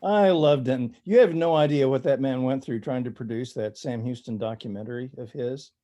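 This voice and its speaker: A man appears as an author guest on a podcast, with a mellow, darker tone at a middle pitch. He speaks in an anecdotal, storytelling way. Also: fairly quick, muffled recording. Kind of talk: podcast interview.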